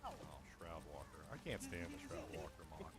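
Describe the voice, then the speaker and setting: A man's voice: rumbling low, fairly quick. A man streaming a video game, telling rambling stories in casual chat with lots of fillers. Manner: rambling storyteller, many fillers, loud acted quotes.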